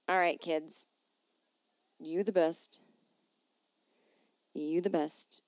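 A woman's voice: deep voice, steady tone, very slow, pauses often, a little mellow, dry recording. A woman hosting her own podcast as a touring comedian, chatting casually and reading listener emails aloud in a rambling, self-deprecating, playful way. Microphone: podcast microphone.

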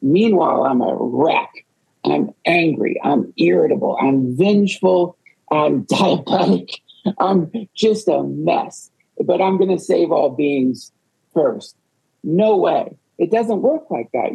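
A man's voice: on the high side, vocal fry, darkish tone, slightly rough, low-quality recording. A man on a retreat panel, talking in a rambling way with self-deprecating humor. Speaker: podcast host.

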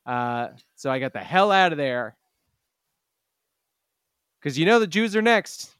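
High, smooth-voiced joking man. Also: no echo, clean studio sound. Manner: animated, quick and joking. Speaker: podcast host. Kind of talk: comedic sports podcast banter.

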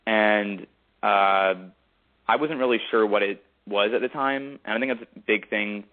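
A young man telling his story as a guest in an interview, hesitant with many pauses. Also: fairly low pitch. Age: young adult. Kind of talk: casual interview. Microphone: phone call. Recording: tinny phone line.

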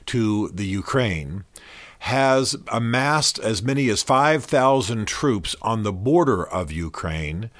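On his solo podcast, a U.S. man with a fairly low voice discusses current events in a blunt, opinionated, conversational manner, using fillers. The recording has no room sound.

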